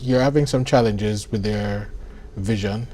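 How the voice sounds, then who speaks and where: A man interviewing, asking slow questions with hesitant fillers. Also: lowish voice, darkish tone. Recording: faint background noise.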